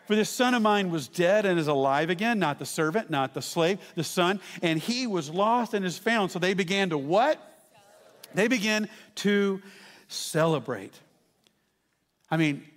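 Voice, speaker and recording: A man preaching a sermon as pastor, telling stories with lively asides to the congregation. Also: high voice, in a large hall. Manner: animated storytelling with asides to the congregation.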